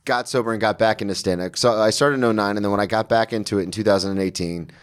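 A man's voice: fairly low pitch, racing, clean tone. A young man from Florida who hosts a comedy podcast, rambling easily and filling his talk with "like". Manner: relaxed, rambling, leans on "like". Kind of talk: casual podcast chat.

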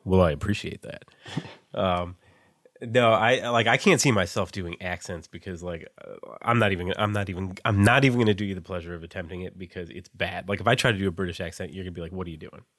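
A man's voice: low-pitched, a little fast, a bit bright, no room sound, clean studio sound. A man co-hosting a writing podcast, chatting casually with lots of "like" fillers. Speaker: podcast co-host.

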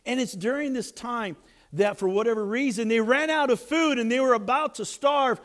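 A man preaching a sermon as a story, animated and swinging between hushed and loud. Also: very high voice, moderate pace.

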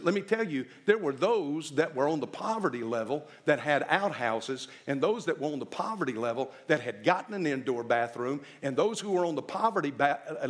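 Folksy preacher with a slightly high voice. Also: male voice. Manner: folksy storytelling, shifting between slow emphatic and quick asides. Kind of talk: sermon.

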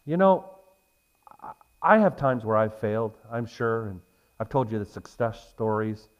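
Male pastor, mid pitch, sermon delivery with big emphatic rises and soft anecdote stretches. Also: moderate pace. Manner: rises to loud emphatic points, then drops to a soft storytelling tone. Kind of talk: sermon with a personal story.

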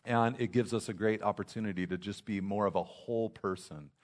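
A man's voice: fairly low pitch, fairly even intonation, fairly quick. A man preaching a sermon in a casual, conversational way, often restarting his sentences. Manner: conversational preaching with frequent restarts and acted asides. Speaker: pastor.

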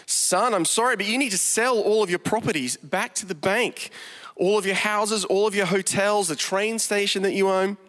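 A man's voice: sits high, moderate pace, a bit bright, long reverb tail. A man voicing a father who firmly but apologetically demands payment from his son in a retold story. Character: stern but sorry father playing a board game.

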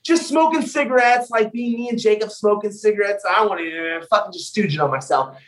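A young man, a wrestler, telling wild road stories on a podcast in a loud, profane, animated way. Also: high voice, fairly quick, recorded from a distance, low-quality recording. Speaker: wrestler guest. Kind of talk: casual podcast storytelling.

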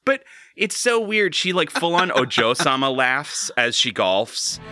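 A man hosts a casual podcast, talking in an animated way and laughing easily. His voice is bright and swings widely in pitch, with a dry, close sound and no room echo. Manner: animated and chatty, quick to laugh. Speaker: podcast host.

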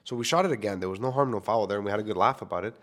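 Man, young adult, slightly low voice, casual monologue, candid, self-deprecating, swears a lot, close microphone. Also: rapid-fire, fairly bright tone. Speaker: filmmaker. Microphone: studio microphone.

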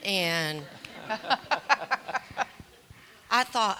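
A middle-aged mother on a parenting panel, telling a story in an animated way and acting out both her own lines and other people's. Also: on the low side, measured pace, slight background noise.

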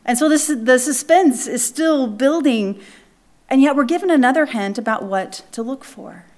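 A woman pastor preaching a sermon, acting out voices from the text and falling to a near whisper at its quiet moments. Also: sits high. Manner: expressive, acts out the voices of the text, drops to a hush.

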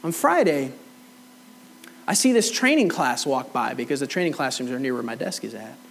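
A man's voice: medium pitch, very animated, moderate pace, gravelly, fairly bright tone, slightly rough, low-quality recording. A middle-aged man preaching a sermon, telling a personal story and acting out both sides of the conversation. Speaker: pastor. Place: church hall.

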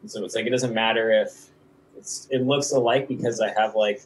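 A man's voice: lowish voice, steady tone, fairly quick, slight background noise, low-quality recording. Rambling laid-back man, faint ambience. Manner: rambling, laughs often, many restarts. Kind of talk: casual conversation.

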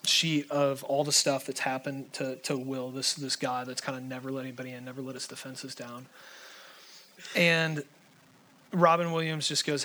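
A man preaching a sermon in a casual, conversational way, full of fillers, swinging between urgent pleading and hushed intensity. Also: mid-range voice, little pitch movement, moderate pace.

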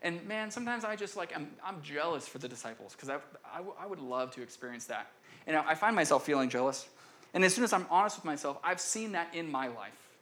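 A man's voice: a little high, expressive, fast, fairly bright tone. A young man giving a casual, conversational sermon, often acting out voices in the story and restarting his sentences. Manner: conversational, acts out quoted voices, frequent restarts. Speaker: pastor.

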